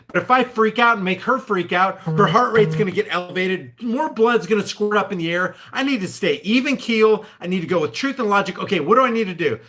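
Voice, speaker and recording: A man's voice: sits high, expressive, brisk, hardly any pauses, pushed and bright. A man delivering an emphatic commentary rant on his vlog, now and then acting out other people's voices. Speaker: vlogger.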